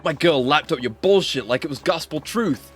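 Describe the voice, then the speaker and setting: A man's voice: mid-range voice, very animated, brisk, faint music behind. A man voicing an angry, hotheaded young man who feels cheated. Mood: furious. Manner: shouting, furious.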